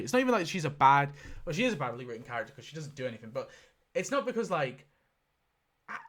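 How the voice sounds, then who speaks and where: A man giving casual, rambling commentary, correcting himself often, swearing freely and jumping up in pitch for emphasis. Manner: animated pitch jumps for emphasis. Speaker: YouTube tier-list ranker.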